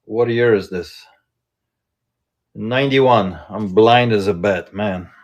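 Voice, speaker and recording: A man hosting a casual live-stream sale from inside a shop, chatting and thinking aloud in an unhurried way. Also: fairly low pitch. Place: indoors in a card shop.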